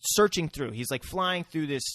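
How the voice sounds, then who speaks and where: A man's voice: fairly high pitch, expressive, moderate pace, fairly bright tone, no echo, clean studio sound. A man co-hosting a casual podcast, rambling through a film recap with lots of fillers and searching for words. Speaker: podcast co-host.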